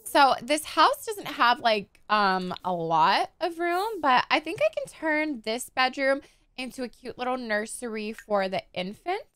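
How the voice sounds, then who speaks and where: High, gushing young woman streamer. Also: a little slow, clean tone, dry recording, clean studio sound. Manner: gushing, excitable, swears freely. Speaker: gaming streamer. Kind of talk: casual let's-play commentary.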